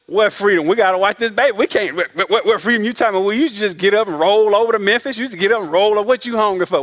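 A man's voice: sits high, fairly bright tone. A middle-aged man preaching a sermon as pastor, with conversational asides to the congregation and acted-out quotes. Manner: preaching with call-and-response asides; acts out couples' voices in quotes.

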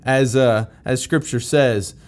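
A male Bible teacher at a middle pitch gives a conversational sermon. He talks plainly and with emphasis. He repeats key phrases to press his point. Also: slow.

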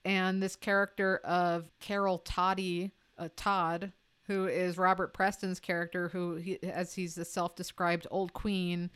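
Smooth-voiced woman gushing on a podcast. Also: lowish voice, little pitch movement, a bit bright. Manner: enthusiastic, with fillers and quick asides. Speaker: podcast co-host. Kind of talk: casual film-review chat.

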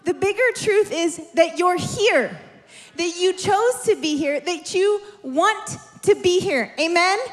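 High-voiced woman preaching with passion. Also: expressive, takes it slowly. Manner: impassioned, repetitive, building to shouts. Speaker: preacher giving prophetic words. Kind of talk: charismatic sermon. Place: church service in a warm room.

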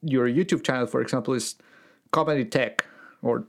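A man hosting a podcast interview, speaking in a measured, halting way as he searches for words. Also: mid-range voice, gravelly. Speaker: podcast host.

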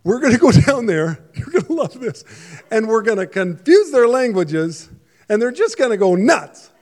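A man's voice: extremely high pitch, very animated, normal speed, darkish tone, in a large hall, pitched above the performer's own voice. A man putting on a giggly prankster God. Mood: gleeful. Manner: gleeful, scheming, giggly. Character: mischievous prankster God calling his helpers.

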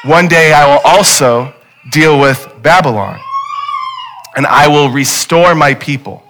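A man's voice: on the high side, unhurried, a bit bright, faint music behind. A man doing God, casual and matter-of-fact. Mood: firm.

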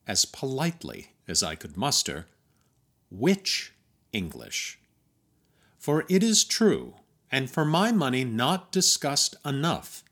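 Animated American man narrating a podcast. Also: mid-range voice. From United States. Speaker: podcast host.

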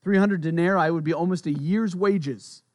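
A man's voice: on the high side, normal speed, a little mellow, dry recording, clean studio sound. A man preaching a sermon as a pastor, conversational, with playful asides and repeated words as he thinks aloud.

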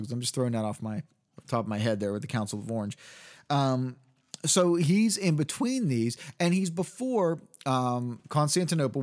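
A man lectures in a steady mid-range voice, thinking aloud as he explains. He stumbles and restarts often, leaning on fillers, and checks that his listeners follow. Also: mid-range voice. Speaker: teacher of church history. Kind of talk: unscripted lecture.

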